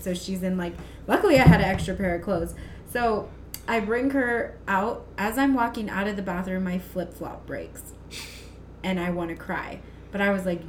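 A woman in her thirties tells a personal story in an animated, chatty way. She laughs easily as she talks. Faint background noise sits under her voice. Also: fairly high pitch, normal speed. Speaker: guest. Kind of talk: casual storytelling.

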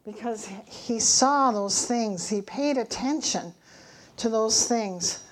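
A middle-aged woman speaks in an earnest, emphatic church testimony style, her voice sitting a little high. She teaches from scripture and tells her story with conviction, acting out the dialogue. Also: slow pace. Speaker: Bible teacher giving a testimony.

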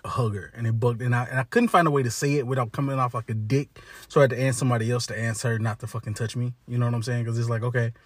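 A man's voice: medium pitch, no echo. Blunt, profane man ranting. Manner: blunt, heavy cursing, slangy, many restarts. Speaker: monologue speaker. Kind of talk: profane casual rant.

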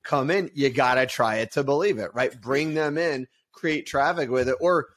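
Animated man in casual business chat. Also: mid-range voice, normal speed. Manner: animated, acts out ad voices, laughs easily. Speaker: podcast co-host.

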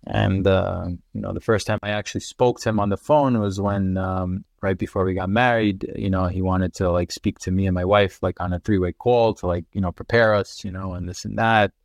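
A man's voice: low voice, fairly even intonation, a little fast, creaky, hardly any pauses, no echo, clean studio sound. A man with a New York accent, a podcast guest telling a heartfelt personal story in casual conversation, full of fillers and restarts. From Russia. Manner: earnest, emotional storytelling with many fillers.

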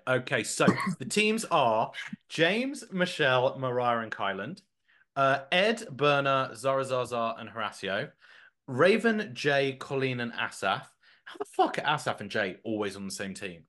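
Lively, jokey man hosting. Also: medium pitch, unhurried. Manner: animated, jokey, rambling with fillers. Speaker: podcast host. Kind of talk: casual podcast chat.

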